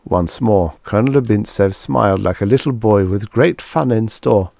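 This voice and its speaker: A man narrating a vintage science fiction story with expressive storytelling. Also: on the low side, normal speed, vocal fry, no room sound, clean studio sound. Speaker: audiobook narrator. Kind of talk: scripted narration.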